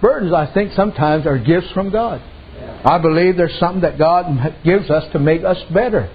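This preacher, a pastor from a Native American reservation community, speaks at a normal speed in a voice that sits high. His sermon is built on folksy storytelling, with the characters acted out in their own voices. The sound is lo-fi.

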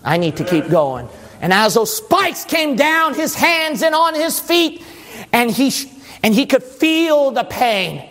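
A male preacher delivering an impassioned sermon in dramatic storytelling, rising into shouting. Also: extremely high pitch, expressive, slow. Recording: long hall reverb.

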